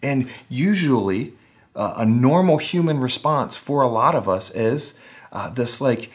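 A man's voice: medium pitch, lively intonation, unhurried. A man preaching a casual, conversational sermon online, with wry humor, acting out the voices he quotes. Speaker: pastor.

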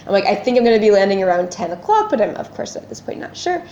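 Animated woman telling a story, echoey. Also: mid-range voice, fast talker. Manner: animated storyteller, acts out her panic. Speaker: podcast co-host. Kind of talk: casual chat. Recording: echoey room, dull lo-fi sound.

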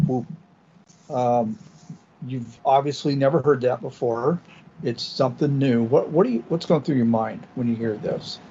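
A man's voice: medium pitch, mellow. A male interviewer asking probing questions in a row. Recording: dull lo-fi recording with faint background noise.

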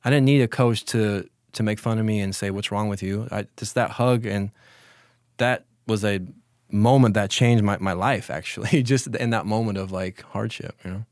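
A man in his forties, a former college football player, telling stories in a relaxed, reflective way during an interview, with many restarts. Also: on the low side, normal speed, dry recording, studio quality. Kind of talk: casual storytelling in an interview.

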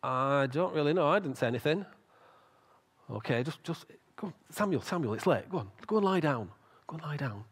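A man's voice: on the high side, expressive, a little fast, slightly rough. A man voicing a tired, grumpy old priest, grumbling wearily as part of a sermon retelling. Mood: sleepy, dismissive. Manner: weary, irritable grumbling.

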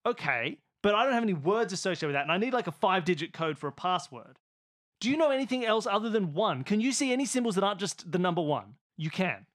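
A man's voice: sits high, very animated, fast talker, a bit bright. A man playing a tabletop game, thinking aloud and guessing, getting exasperated at the other players.

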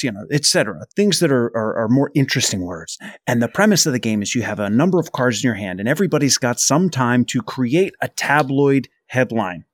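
A man's voice: mid-range voice, lively intonation, quick pace, few pauses, no echo, studio quality. A man hosting a casual podcast chat, steering the conversation. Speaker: podcast host.

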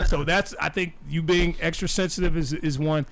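A man's voice: a little high, steady tone, normal speed, very noisy. A man hosting a casual talk show, teasing his co-hosts and laughing often. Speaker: host.

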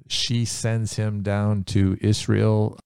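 A man preaching a sermon, retelling a story in an animated, dramatic way. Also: on the low side, slow, gravelly, clear, resonant tone, no room sound, clean studio sound.

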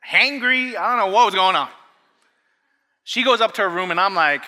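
A man in his thirties preaching a sermon as a pastor, telling a family story in an animated way and acting out the voices. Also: high voice, normal speed, long pauses. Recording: long echo of a large hall.

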